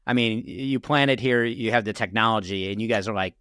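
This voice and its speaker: A man's voice: lowish voice, a little fast, fairly bright tone, clear, resonant tone, no room sound, studio quality. A man with a Midwestern accent hosting an interview, asking casual, curious questions. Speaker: interview host. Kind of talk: interview conversation.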